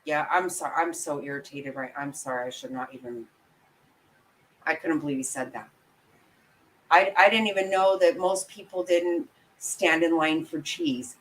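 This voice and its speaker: A woman's voice: sits low, moderate pace, rough recording. A woman giving heated, profane commentary on a livestream, ranting and talking straight to her viewers. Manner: angry, profane, emphatic ranting; talks to viewers and apologizes for the outbursts. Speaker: true crime commentator.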